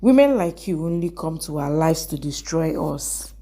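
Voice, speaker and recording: Vengeful young man read by a woman narrator, low-ish and level, drama recap. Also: lively intonation, normal speed, warm tone. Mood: bitter. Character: angry vengeful young man forcing a wedding.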